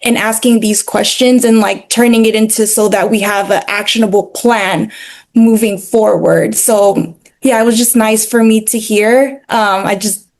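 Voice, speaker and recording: A woman's voice: mid-range voice, steady tone, a little slow, a little mellow. A woman real estate agent sharing in a group video call, earnest and hesitant, with frequent fillers.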